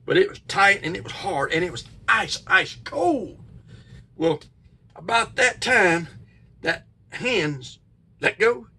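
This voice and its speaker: A middle-aged man, telling a childhood ghost story in a folksy, drawn-out way with sudden bursts. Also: high-pitched, big pitch swings, pushed and bright, distant mic. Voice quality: gravelly, husky. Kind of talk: casual spoken ghost story.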